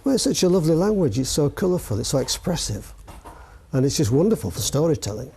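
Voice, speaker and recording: Fella explaining old sayings, talks fast, mellow tone. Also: male voice, fairly high pitch, very animated, creaky, slight background noise. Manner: explanatory, fond. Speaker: dialect teacher.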